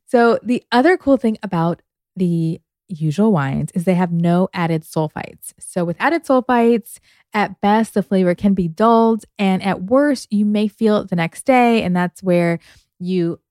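A woman's voice: mid-range voice, measured pace, darkish tone, dry recording, clean studio sound. A woman co-hosting a podcast in casual chat, talkative and laughing often. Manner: chatty, laughs often, says "like" a lot. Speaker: podcast co-host.

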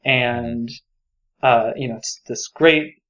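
Man, podcast co-host, enthusiastic, rambling, lots of fillers, mid pitch, dull lo-fi audio. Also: steady tone, slow, a bit bright. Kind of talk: casual book discussion.

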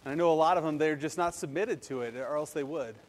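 A male pastor giving a lively sermon, acting out quotes and then leading a prayer. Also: fairly high pitch, quick pace, in a large hall. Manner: animated, acts out quotes and leads prayer.

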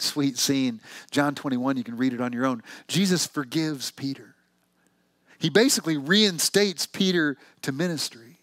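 A man preaching a sermon to his church, telling the story in a conversational, animated way with lots of rhetorical questions. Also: fairly high pitch, dry recording. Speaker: pastor.

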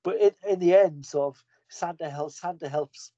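Mellow man recapping a comic casually. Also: a little high, moderate pace, no room sound. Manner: enthusiastic, rambling, with frequent restarts. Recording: dull lo-fi podcast audio.

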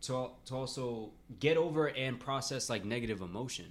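A man's voice: medium pitch, expressive, moderate pace. A man hosting a podcast in casual chat, laid-back and profane, often calling people "man" and "dude". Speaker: podcast host.

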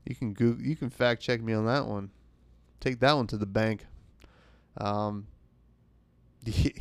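A man's voice: on the low side, fairly even intonation, slow, pauses often, no echo. A young man hosting a podcast, telling a rambling, self-mocking comic story and acting out other people's lines. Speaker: podcast host. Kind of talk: comedic storytelling monologue.

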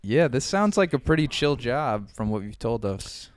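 A host keeps a casual chat moving with wry follow-up questions. His voice is middle-pitched and plain. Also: sing-song, normal speed, no room sound, clean studio sound.

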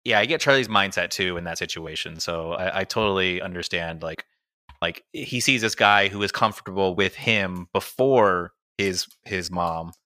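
A man's voice: low voice, normal speed, pushed and bright, dry recording, studio quality. A man in a casual podcast chat about a movie, earnest and agreeable, chiming in often.

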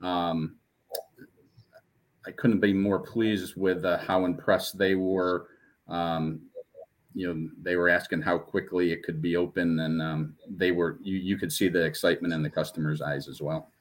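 A man's voice: sits low, flat delivery, a little slow. A company leader answering interview questions, a man who stammers and restarts his sentences.

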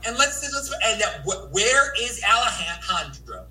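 An American man talking as a livestream guest, animated and rambling, stammering and repeating words as he goes. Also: sits high, a little slow, roomy sound, far from the mic, low-quality recording. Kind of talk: livestream interview.

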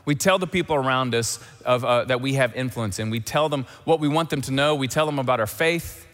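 A man preaching a sermon as pastor, animated and emphatic, repeating key phrases. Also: medium pitch, fairly quick, in a large hall.

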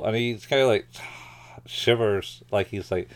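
A man with a somewhat low voice in easygoing podcast talk. He laughs along often and answers with short agreements. When he retells a scene he jumps up into a high, squeaky voice. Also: measured pace. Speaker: podcast co-host. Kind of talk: casual chat reviewing an anime.

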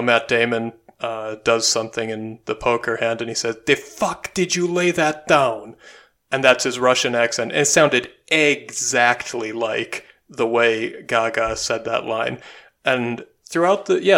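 A man's voice: mid-range voice, fairly even intonation, a little slow, pushed and bright. A man co-hosting a podcast, giving opinionated film reviews in casual chat, with frequent ums and likes. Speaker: podcast co-host.

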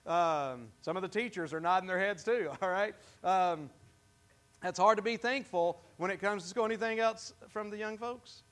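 A man's voice: sits high, fairly bright tone. A pastor giving a sermon in church, talking conversationally, often restarting his sentences and asking the congregation questions. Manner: halting, with many restarts. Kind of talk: interactive sermon.

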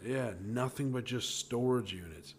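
A man's voice: mid-range voice, measured pace, a little hiss or hum. A young man in casual conversation, retelling a story in a loose, rambling way with restarts and swearing. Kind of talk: casual chat.

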